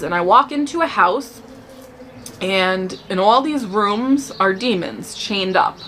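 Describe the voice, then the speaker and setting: A woman sharing a personal faith testimony in casual storytelling, animated and acting out the dialogue as she tells it. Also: medium pitch, slight background noise. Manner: animated, acts out dialogue in the telling.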